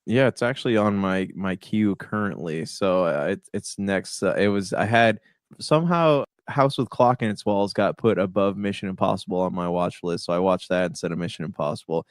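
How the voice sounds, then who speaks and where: A man's voice: sits low, normal speed, no room sound, studio quality. A man co-hosting a podcast, talking casually about movies in a laid-back, hesitant way. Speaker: podcast co-host. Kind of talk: casual movie review chat.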